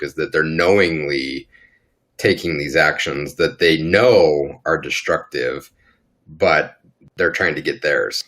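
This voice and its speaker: A man with an extremely low, deep voice talks loosely on a tech podcast. He circles his point, restarting phrases and filling gaps with "um" as he goes. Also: fairly bright tone. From Utah. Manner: rambling with frequent restarts and fillers. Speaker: podcast co-host. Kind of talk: casual panel discussion.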